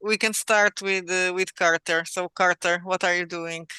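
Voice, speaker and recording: A non-native English speaker runs a tabletop game as game master, pausing often on fillers and little laughs. His voice is bright and very clear, recorded dry and close. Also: sits high, level tone, dry recording. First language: not English. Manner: hesitant, laughing, many fillers.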